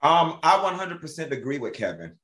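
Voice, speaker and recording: A man co-hosting a casual chat show, telling animated stories and laughing often. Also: fairly high pitch, brisk. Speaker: co-host.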